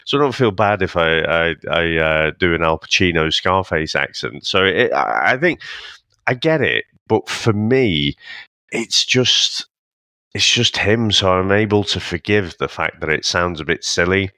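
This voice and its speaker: A man's voice: sits low, animated, measured pace, bright, forceful tone, no room sound. A man co-hosting a podcast, chatting casually about films with laughs and mild swearing. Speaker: podcast co-host. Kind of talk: casual film chat.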